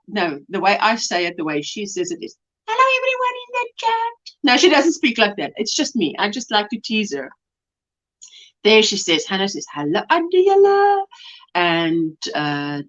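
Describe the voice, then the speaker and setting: Lively high-voiced South African woman. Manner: chatty, warm greetings, frequent fillers. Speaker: livestream host. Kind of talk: casual livestream chat, reading comments. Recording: slightly dull lo-fi stream audio.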